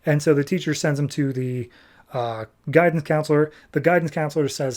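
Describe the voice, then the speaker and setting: A man hosting a comics podcast, recapping an issue in a casual, animated way and nitpicking its mistakes. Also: fairly high pitch. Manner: animated, exasperated nitpicking, quick paraphrased dialogue. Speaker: podcast host reviewing comics.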